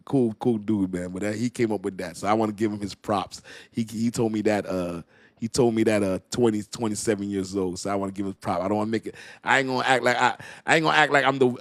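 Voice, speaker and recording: A man hosting a crypto livestream in easy, slangy talk, laughing often and circling back over his own phrases. His voice sits low. The sound is close and dry, with no room around it. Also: dry recording. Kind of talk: casual livestream chat.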